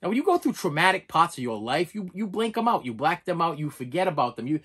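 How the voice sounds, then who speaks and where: A man's voice: fairly high pitch, sing-song, fast talker, fairly bright tone, slightly rough. A middle-aged man rambling and joking through a casual unboxing chat, repeating himself as he goes. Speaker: movie collector vlogger.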